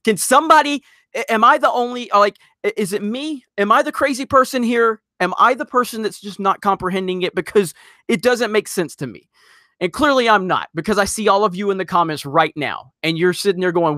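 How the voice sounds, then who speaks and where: Exasperated ranting man, fairly high voice. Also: dry recording, studio quality. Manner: exasperated, loud, rapid rants. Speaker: host of a live stream. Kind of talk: ranting live-stream commentary.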